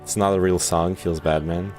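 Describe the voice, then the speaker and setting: Low-voiced male game streamer. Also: normal speed, soft background music. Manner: reads dialogue choices aloud, relaxed. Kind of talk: casual gameplay commentary.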